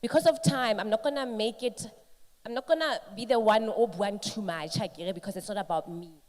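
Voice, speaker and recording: Woman host, mid-pitched, warm and devout, moves the event along. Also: fairly quick. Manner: warm, faith-filled, lively code-switching. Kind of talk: live emcee remarks mixing Sesotho and English.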